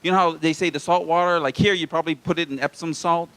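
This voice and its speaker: A man's voice: on the high side, fairly even intonation, fast talker, a bit bright. Wry stand-up man from Hawaii. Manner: self-deprecating, wry asides to the crowd. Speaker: stand-up comedian. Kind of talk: live stand-up set. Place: small comedy club stage.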